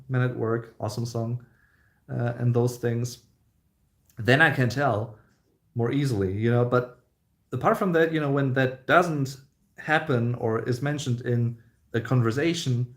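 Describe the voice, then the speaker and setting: A man with a German accent hosting a casual livestream question-and-answer chat, speaking English as a second language in an easygoing, rambling way with many fillers and restarts. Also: mid-range voice. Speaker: host.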